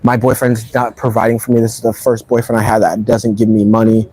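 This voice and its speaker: A man's voice: fairly low pitch, little pitch movement, fairly quick, dark tone, no room sound, rough recording. A man vlogging, telling a personal story in a rambling, emphatic way full of slang. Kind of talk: casual storytelling.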